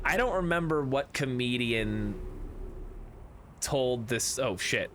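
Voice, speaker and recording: A man with a bright, forceful voice talks to his stream audience as he plays, rambling from joke to joke. A faint hum of game ambience sits behind his desk mic. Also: mid-range voice, expressive, takes it slowly, pauses often. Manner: rambling, jokey, reads chat aloud. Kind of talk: casual game stream chat.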